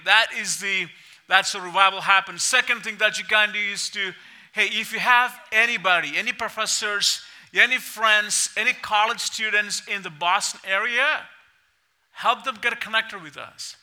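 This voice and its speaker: A man's voice: high voice, moderate pace, bright, forceful tone. A man with an Indian accent preaching a sermon in a church and reading scripture aloud in an earnest way, repeating phrases. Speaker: pastor.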